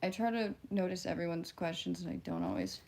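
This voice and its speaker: Woman streamer, Midwestern twang, fry-heavy voice, casual and profane. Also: fairly low pitch, big pitch swings, a little fast, a little mellow. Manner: blunt, offhand and profane, laughs often. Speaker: livestreamer. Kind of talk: casual livestream chat, reading viewer comments.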